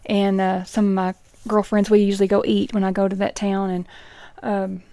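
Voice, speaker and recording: A middle-aged woman chats casually as she counts cash out loud, sometimes dropping into a soft whisper. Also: mid-range voice, little pitch movement, normal speed, no room sound. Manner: counts bills aloud, chatty asides, dips into soft whispers. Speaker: budgeting vlogger.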